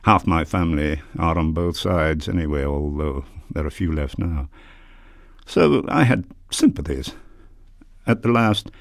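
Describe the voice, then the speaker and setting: A man reading his own literary memoir aloud in a measured, dramatic way. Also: deep voice, vocal fry, no room sound, clean studio sound.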